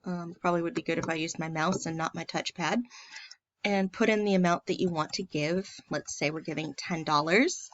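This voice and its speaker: A woman's voice: on the low side, steady tone, normal speed, no echo, highs cut off. A woman from a church staff, talking through an online tutorial in a friendly, plain step-by-step way. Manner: friendly, plain step-by-step walkthrough with filler ums. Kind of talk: casual screen-recorded tutorial.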